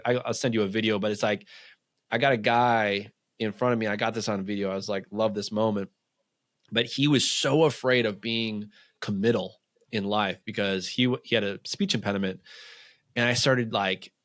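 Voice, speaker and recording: A man speaking as a coach in a casual interview, talking quickly and loosely with many fillers, acting out what others say. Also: mid-range voice, fairly bright tone, no echo, studio quality. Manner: fast, loose talk full of fillers, acts out quotes. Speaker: men's coach and podcast guest.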